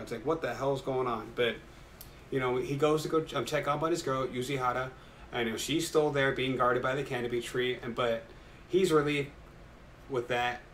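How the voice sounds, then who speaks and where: A young man excitedly recapping an anime episode for his viewers, rambling with lots of fillers. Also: medium pitch, slight background noise. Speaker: anime reaction YouTuber.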